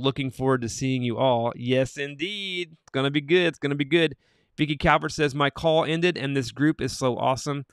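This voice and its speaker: A man hosts a Christian morning livestream, reading viewers' comments aloud and replying to each by name. His voice is smooth and clear at a middle pitch. The sound is dry and close, with no room echo. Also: moderate pace. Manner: friendly, reads comments and answers each viewer by name, soft-spoken on sad news.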